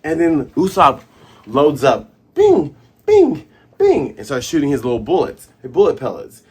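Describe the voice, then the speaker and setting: Animated man recapping a comic. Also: medium pitch, normal speed, husky. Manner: animated, doing sound effects and character voices. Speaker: comic reviewer and host.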